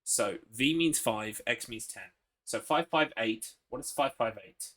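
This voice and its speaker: This man from England streams a horror game from his computer in a mid-range, fairly bright voice at a measured pace. He chats with viewers, answers their questions by reading chat aloud, and swears every so often in his casual commentary.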